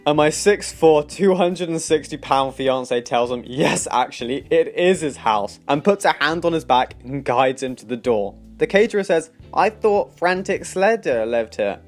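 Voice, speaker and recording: A man with a British accent narrating a forum story in a steady, scripted read. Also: fairly high pitch, normal speed, hardly any pauses. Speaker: story reader. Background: faint background music.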